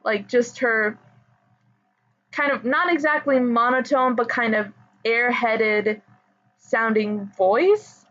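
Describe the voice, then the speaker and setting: A woman chatting casually as a pop music fan, rambling with fillers and soft laughs. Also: a little high, fairly even intonation, slow, pauses often. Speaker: idol fan commentator. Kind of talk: casual chat. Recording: dull lo-fi audio.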